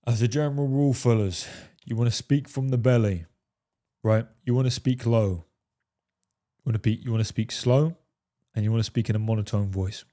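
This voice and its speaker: A man with a medium-pitched, dark-toned voice talks fairly quickly as a dating coach addressing his viewers directly. The monologue is emphatic and profane, punctuated by "fellas" and "right?".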